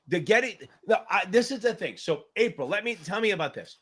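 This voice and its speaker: A male exam tutor hosts a live question-and-answer stream in a loose, joking way. He rambles and swears freely in a slightly high voice. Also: sing-song, fairly quick, hardly any pauses, a bit bright, breathy edge. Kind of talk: casual live-stream chat.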